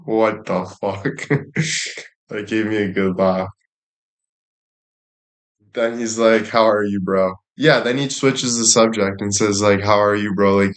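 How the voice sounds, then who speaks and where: A young man chatting casually and crudely, rambling and laughing often. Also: fairly low pitch. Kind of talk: casual chat.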